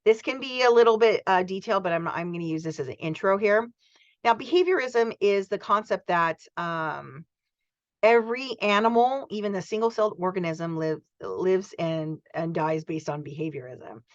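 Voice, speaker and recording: A woman's voice: fairly low pitch, expressive, normal speed, no room sound, lo-fi sound. A woman in her forties from the United States gives a chatty, enthusiastic college lecture and acts out student voices. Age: 40s. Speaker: college instructor. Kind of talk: recorded lecture.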